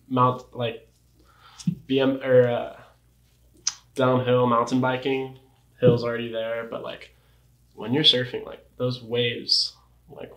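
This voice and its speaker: A man's voice: medium pitch, a bit bright, echoey room, poor audio. A young man chatting casually as an interview guest, laid-back, full of surfer slang and "like". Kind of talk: casual chat.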